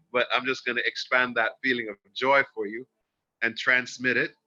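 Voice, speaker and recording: A man giving a livestreamed oracle card reading, talking in a soft, earnest, emotional and spiritual way. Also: mid-range voice. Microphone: phone. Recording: dull lo-fi phone livestream audio.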